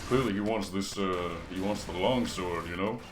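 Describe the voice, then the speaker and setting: Deep-voiced man streaming games in a roomy space. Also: moderate pace. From half British, half Canadian. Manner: crude, joking banter with chat. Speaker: game streamer. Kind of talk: casual gaming livestream, reading chat aloud. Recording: echoey room with faint music behind.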